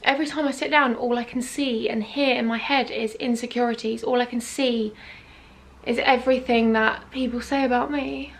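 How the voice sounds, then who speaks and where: A woman's voice: a little high, fairly even intonation, moderate pace, gravelly. Anxious young woman, self-critical vlog talk. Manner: anxious, self-critical, often quiet and whispery. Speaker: vlogger. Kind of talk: confessional vlog.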